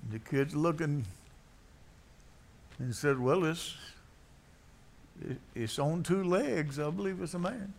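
A man's voice: a little high, expressive, takes it slowly, creaky, long pauses, bright, forceful tone. A man preaching a sermon, telling a story in a folksy way and acting out its characters. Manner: folksy, acts out voices in the story.

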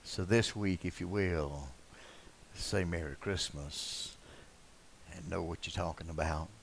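An older man preaching a sermon, telling rambling anecdotes full of uh fillers and swinging between loud and soft passages. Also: deep voice, fairly even intonation, slow, vocal fry, a little hiss or hum. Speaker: pastor. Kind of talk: sermon with folksy storytelling.

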